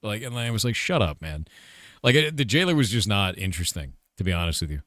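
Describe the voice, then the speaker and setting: Blunt low-voiced game developer streamer. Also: male voice, very animated, fast, fairly bright tone, no room sound, clean studio sound. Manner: blunt, profane, chatty with filler words. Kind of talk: casual livestream Q&A chat.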